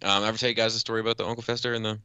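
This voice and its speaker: A man's voice: lowish voice, level tone, racing, sharp tone, clean tone, no echo, dull audio. A man in his thirties chatting on a podcast, telling rambling stories and swearing freely. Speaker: podcast co-host. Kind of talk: casual podcast banter.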